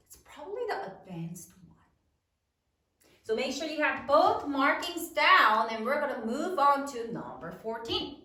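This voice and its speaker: A woman teaching a spelling lesson to young children, sounding out each word slowly in a sing-song teacher voice. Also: a little high, big pitch swings, pushed and bright, echoey room, recorded from a distance.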